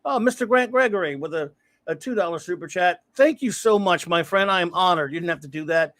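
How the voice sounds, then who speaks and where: With lively intonation, a high, fairly bright voice, and a slightly fast pace, this man hosts a casual livestream where he rambles, reads the chat aloud, and greets viewers by name. There's no room sound.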